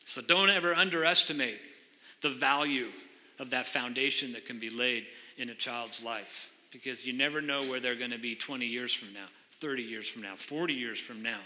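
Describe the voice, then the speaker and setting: Heard with a long hall reverb, a man of medium pitch delivers a sermon at normal speed in a sharp tone. As pastor, he questions his congregation in the church sanctuary while earnestly working through scripture.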